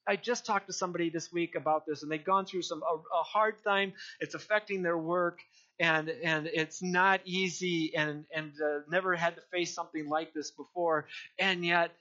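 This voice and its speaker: An older male pastor preaches in an earnest, rambling way, doubling back on his words and rising to cry out key phrases. His voice sits high and sounds bright and forceful. The recording is dull and lo-fi. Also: steady tone, normal speed. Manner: earnest, rambling with many restarts and crying-out emphasis. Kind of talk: sermon.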